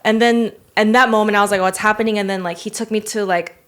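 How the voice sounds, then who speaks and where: A woman's voice: mid-range voice, fairly even intonation, fast, a bit bright, smooth. A young adult woman hosting a podcast, telling a long story in casual chat, full of fillers. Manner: rambling storyteller, filler-heavy with many "like"s. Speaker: podcast host.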